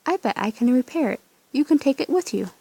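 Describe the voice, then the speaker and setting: A woman voicing an older male inventor in a story game, measured and slightly wry. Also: high-pitched, lively intonation, gravelly, warm tone, no echo, full character voice. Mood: impressed.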